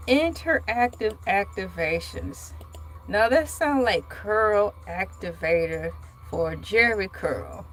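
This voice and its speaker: A woman's voice: mid-range voice, very animated, slow pace, rough recording. A woman hosting a casual vlog, reading news aloud and breaking off for playful, joking asides. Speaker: vlog host.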